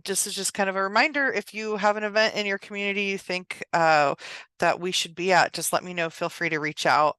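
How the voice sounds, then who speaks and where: A woman's voice: lowish voice, a bit bright, dry recording. A woman from an agency's outreach team giving a casual update in an online meeting, with many fillers. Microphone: video call.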